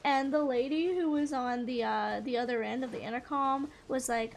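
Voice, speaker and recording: Woman gaming streamer, high voice, chatty and giggly, casual play-along chat. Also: fairly even intonation, moderate pace, creaky, hardly any pauses, slight background noise.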